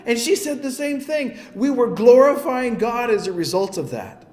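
A man's voice: high voice, animated, normal speed, darkish tone, echoey room. A man preaching a sermon as a pastor, telling a story in an earnest, emphatic way.

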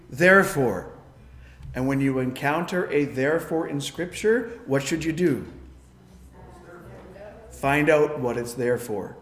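Male pastor, middle-aged, high-pitched, animated storyteller, roomy sound. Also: slow pace, long pauses. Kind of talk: sermon with personal story.

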